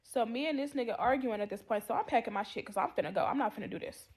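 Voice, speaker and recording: A woman with a high voice tells a story on a podcast. She is profane and dramatic, and she acts out every line of dialogue. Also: racing, darkish tone, husky. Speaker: podcast co-host. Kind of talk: animated storytelling, casual chat.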